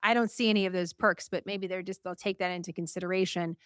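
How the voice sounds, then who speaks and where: A woman hosting a news show, talking casually to a live audience in a chatty, animated way, laughing and asking viewers what they think. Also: on the low side, fast, clear, resonant tone, no echo, clean studio sound.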